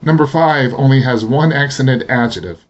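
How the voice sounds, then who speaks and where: Man with a breathy voice, teaching. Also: mid-range voice, moderate pace, highs cut off. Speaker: language teacher. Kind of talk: instructional narration.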